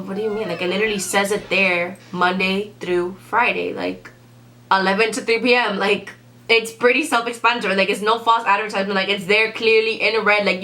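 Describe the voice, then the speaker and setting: A woman's voice: mid-range voice, pushed and bright. A young woman telling a restaurant story in a casual vlog, chatty and full of "like". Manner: chatty, says "like" a lot. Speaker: vlogger.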